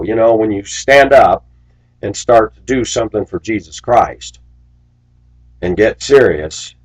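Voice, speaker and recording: A man's voice: sits low, husky. A man who drives a school bus, telling stories and preaching in a rambling, aggrieved personal monologue. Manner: preachy, aggrieved, storytelling with asides.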